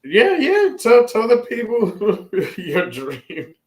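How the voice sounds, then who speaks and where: A man's voice: high voice, takes it slowly. Man chatting casually in an echoey room. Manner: relaxed, laughs easily, drops many fillers. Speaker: podcast co-host. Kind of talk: casual chat.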